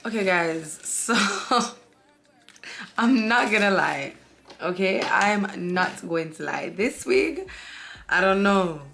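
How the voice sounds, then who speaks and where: A woman's voice: mid-range voice, takes it slowly, vocal fry, fairly bright tone, slight background noise. A woman beauty vlogger chatting casually to camera, candid and talkative, often calling out to her viewers. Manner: chatty and candid, addresses viewers as guys, frequent fillers.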